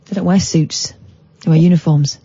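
Calm deadpan radio sidekick guy, dead dry sound, a bit lo-fi. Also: on the high side, moderate pace, breathy edge, dry recording. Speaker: radio co-host. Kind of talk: late-night radio banter. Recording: dull lo-fi radio studio sound.

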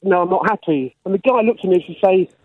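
Brief: forties male caller, husky tone, phone-line sound. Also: sits high, fast, no echo. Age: 40s. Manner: rambling, self-mocking storyteller. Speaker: radio caller. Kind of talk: casual phone-in chat.

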